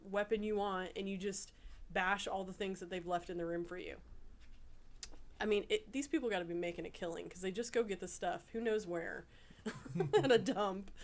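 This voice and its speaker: A woman's voice: medium pitch, darkish tone. A woman co-hosting a casual chat, telling a story with frequent laughs and restarts. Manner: chatty storyteller, laughs often, many restarts. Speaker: co-host.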